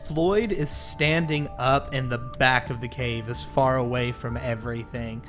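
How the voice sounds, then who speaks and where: Calm man describing his character. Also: mid-range voice, a little slow, soft background music. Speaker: player. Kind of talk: tabletop game play.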